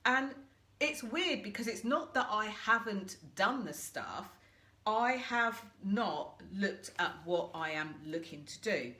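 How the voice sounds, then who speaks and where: A woman's voice: medium pitch, expressive, slow pace, bright, forceful tone. A British woman hosting a live coaching session from home, chatting and asking viewers questions. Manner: chatty, asks listeners reflective questions and greets viewers. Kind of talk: live-stream coaching talk. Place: home, washing machine running nearby. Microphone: laptop or phone camera for a live stream. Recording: roomy home live stream, washing machine hum.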